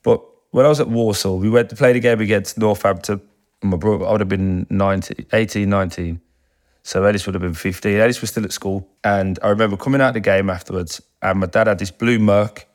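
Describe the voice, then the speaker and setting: A man's voice: fairly low pitch, steady tone, quick pace. A man, telling stories from his past in a casual interview, swearing freely and acting out other people's voices when he quotes them. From England. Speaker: guest, football captain.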